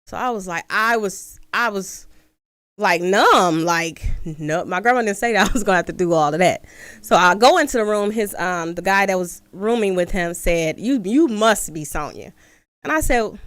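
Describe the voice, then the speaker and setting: A woman hosting a call-in talk show, telling a personal story in a casual, animated way and acting out the quoted voices. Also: mid-range voice, moderate pace, no room sound. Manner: animated retelling with acted-out quotes. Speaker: host.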